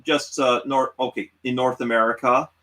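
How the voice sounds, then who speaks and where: A man moderating a casual debate, explaining haltingly with many restarts. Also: medium pitch, fairly even intonation, sharp tone. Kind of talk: casual chat.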